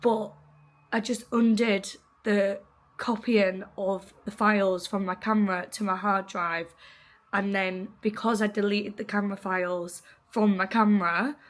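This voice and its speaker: A young woman in her twenties, chatting casually and rambling a little in a home vlog. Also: mid-range voice. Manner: chatty, rambling, self-deprecating. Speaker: vlogger.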